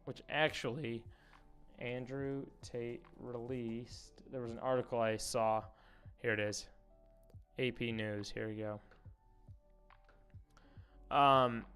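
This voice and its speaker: Brief: male streamer, mid-pitched, smooth voice, rambling commentary with swearing. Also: fairly bright tone. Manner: rambling, swears, reads posts aloud. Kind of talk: casual commentary livestream.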